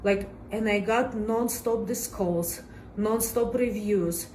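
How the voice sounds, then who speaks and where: Scared woman, halting and repetitive, slow delivery, roomy sound with faint hiss. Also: medium pitch, darkish tone. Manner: halting, repeats herself, simple phrasing. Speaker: salon owner. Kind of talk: upset personal account in a clip.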